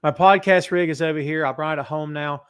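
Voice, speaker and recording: This man's voice is fairly high, a little fast, slightly bright, clear and resonant. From his office podcast setup he hosts a live wrestling talk show, joking and reading viewer comments to his live-stream audience.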